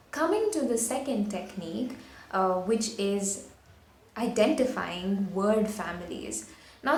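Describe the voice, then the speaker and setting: Woman teacher, patient and unhurried, sounds out syllables for kids; echoey room, faint hiss. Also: mid-range voice. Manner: patient, explains step by step, sounds out syllables slowly. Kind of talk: spelling lesson for children.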